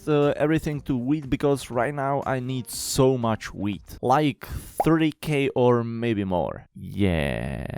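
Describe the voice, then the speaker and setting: A man talks through his game project in a casual, chatty way, with non-native English phrasing. His voice sits at an ordinary middle pitch. Soft music plays quietly behind him. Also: clear, resonant tone. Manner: chatty, plain, lightly self-mocking with short laughs. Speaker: Minecraft YouTuber. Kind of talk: casual gameplay narration.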